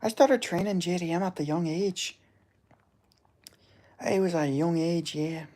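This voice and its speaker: A man's voice: a little high, measured pace, darkish tone, voice pushed up. A man putting on a bragging bogan gym trainer. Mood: boastful.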